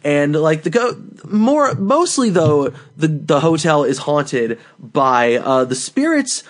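A man's voice: fairly high pitch, sing-song, takes it slowly. A man co-hosting a comedy podcast, improvising a story in a rambling way with many fillers. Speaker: podcast co-host.

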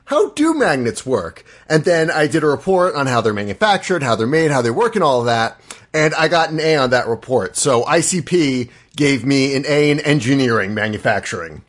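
A man's voice: medium pitch, sing-song, normal speed. A man hosting a casual podcast, rambling and filling with "like". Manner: rambling, heavy use of "like". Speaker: podcast host. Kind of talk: casual chat.

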